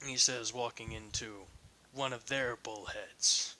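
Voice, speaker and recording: A man's voice: mid-range voice, fairly even intonation, takes it slowly, bright, forceful tone, low-quality recording. A man narrating his own fan fiction in a casual, unpolished reading.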